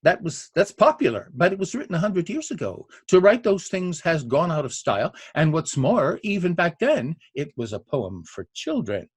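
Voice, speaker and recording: A man's voice: a little high, sing-song, normal speed, few pauses, breathy edge, dry recording. A man, older, hosting a poetry podcast and giving a spoken lecture on meter, full of enthusiasm, tapping out rhythms aloud with frequent uhs.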